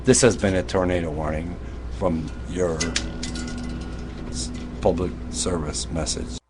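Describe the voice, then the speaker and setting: A man reading a mock weather bulletin in a deadpan way, rambling through a list with slips. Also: low voice, a little slow, heavy background noise. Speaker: comedy video maker.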